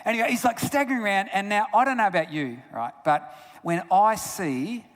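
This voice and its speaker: A man giving a sermon as a guest speaker, telling stories with big swings between loud bursts and hushed asides. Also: high-pitched, a little fast. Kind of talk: storytelling sermon. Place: church sanctuary. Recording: long church reverb.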